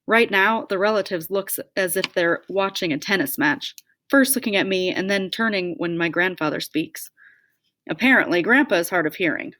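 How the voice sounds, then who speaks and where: A woman's voice: on the low side, moderate pace, fairly bright tone, dry recording, studio quality. A woman reading a first-person audiobook with a wry, self-deprecating way of telling it. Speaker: audiobook narrator.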